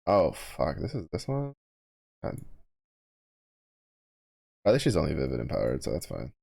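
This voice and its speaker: A man's voice: a bass voice, wildly swooping pitch, moderate pace, vocal fry, mellow. A man streaming a game live, chatting casually with his viewers, swearing and teasing them. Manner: profane, teasing banter with chat. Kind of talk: casual live-stream chat while gaming.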